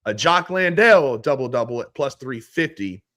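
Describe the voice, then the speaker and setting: A man's voice: mid-range voice, expressive, moderate pace, fairly bright tone. Folksy Mississippi man hosting sports talk. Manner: laid-back, folksy, reads betting picks. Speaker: podcast host. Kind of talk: casual sports podcast chat.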